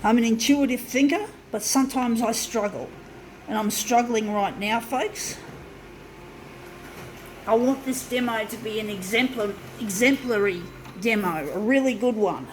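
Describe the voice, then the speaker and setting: A woman narrates her own craft demo on a sweltering day, shaking, sweating and venting her frustration to the folks watching. She swears freely and talks herself through setbacks. Her voice sits somewhat high, with faint background noise behind her. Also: unhurried, rough recording. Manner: swears often, keeps addressing viewers as folks. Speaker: vlogger demonstrating a craft. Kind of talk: frustrated casual monologue while working.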